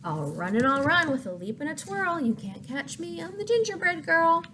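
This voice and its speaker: A bold little gingerbread girl from a storybook chants her rhymes in a lifted, bouncy sing-song, as a woman reading aloud puts her on. She sounds daring and quick on her feet, with a faint hiss of background noise. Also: high voice, very animated, pitched above the performer's own voice. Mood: cheeky sing-song.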